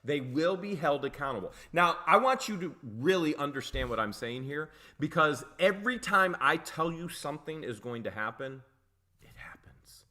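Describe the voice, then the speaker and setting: A man's voice: on the high side, animated, moderate pace, hardly any pauses, pushed and bright. A man co-hosting a livestream, talking casually with sarcastic, mocking asides. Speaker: co-host of a livestream.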